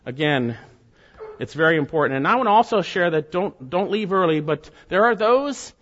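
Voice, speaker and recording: A man preaching a sermon as pastor, reading scripture aloud and explaining it in an earnest, deliberate way with gentle asides. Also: high-pitched, lively intonation. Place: church sanctuary. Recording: long reverb, dull lo-fi sound.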